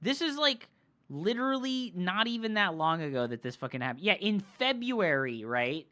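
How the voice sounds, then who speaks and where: Man ranting with a bright, forceful voice. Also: high-pitched, normal speed. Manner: profane, heated, animated storytelling; fillers like "like" and "right?". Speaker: game streamer. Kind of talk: ranting storytime chat.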